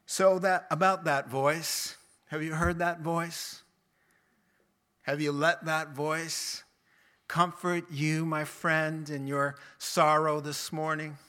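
A man preaching a sermon, telling Bible stories with lively acted quotes and laughing along the way. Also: fairly high pitch, slow.

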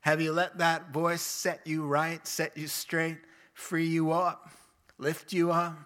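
Speaking slowly in a voice on the high side, a preacher tells Bible stories during his sermon, acting out quotes with energy and laughing along the way.

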